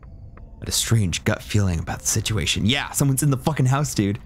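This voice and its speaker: A man's voice: lowish voice, expressive, brisk, a little hiss or hum. A young man giving casual, profane commentary while playing a horror game, now and then dropping to a whisper. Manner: joking, swears a lot, drops into whispers. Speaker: gaming streamer. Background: game music.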